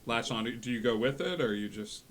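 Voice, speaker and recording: Male GM, mid pitch, easygoing, hesitant narration. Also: fairly quick, noisy background. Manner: relaxed, frequent filler words. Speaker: game master. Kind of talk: narrating a tabletop game.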